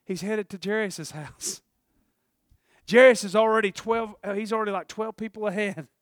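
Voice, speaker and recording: A male preacher with a very high voice gives an animated sermon. He swings from hushed tones to shouting and laughs often. The recording is dry and close. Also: normal speed, no room sound.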